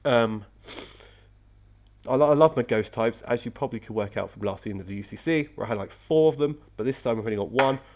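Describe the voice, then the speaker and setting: A man's voice: mid-range voice, quick pace, darkish tone. A young man, casually commentating on his game team, chatty with frequent self-corrections. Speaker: competitive Pokémon player and video host.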